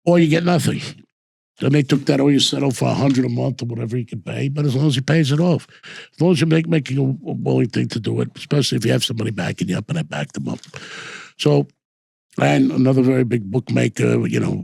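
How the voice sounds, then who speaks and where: A man's voice: mid-range voice, darkish tone. An older man telling rambling stories in casual talk, repeating "I says" and restarting his sentences. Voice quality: gravelly, husky. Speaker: host and former bookmaker. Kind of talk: casual storytelling.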